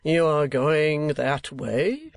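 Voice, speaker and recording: A man's voice: a little high, lively intonation, extremely slow, creaky, no room sound, heavily acted. A man doing a showy theatre manager. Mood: probing. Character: talkative theatrical middle-aged male theatre manager.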